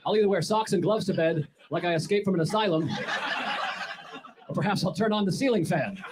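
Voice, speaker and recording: A man performs stand-up in a comedy club, rattling off sarcastic, exasperated stories at a quick clip. His voice sits a little high. Steady crowd and room noise runs underneath the live recording. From United States. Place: comedy club stage before a laughing audience. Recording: live audience noise throughout.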